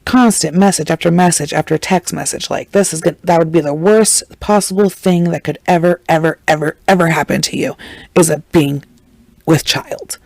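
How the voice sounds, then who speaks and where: A woman's voice: deep voice, moderate pace, vocal fry, darkish tone, dry recording, poor audio. A woman hosting a podcast, retelling a story in a chatty, slangy way and acting out the quotes. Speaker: podcast host. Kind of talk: casual true-crime storytelling.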